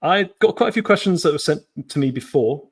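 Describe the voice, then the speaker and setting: Man, podcast host, measured, asking questions. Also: on the high side, expressive, breathy edge. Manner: measured, agreeing, asks questions. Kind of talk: podcast interview.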